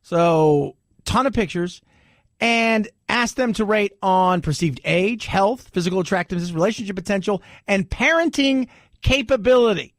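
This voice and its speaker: A man's voice: high voice, normal speed, no echo, studio quality. A man hosting a talk radio show, chatting casually and rambling, often laughing at his own stories. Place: radio studio. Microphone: studio microphone.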